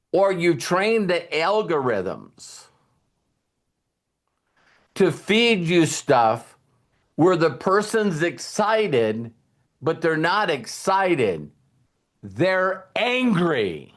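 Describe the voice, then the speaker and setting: A man's voice: on the high side, very slow, pauses often. A middle-aged man giving a motivational talk who keeps acting out little conversations as he goes. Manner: animated, acts out little dialogues. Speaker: motivational speaker.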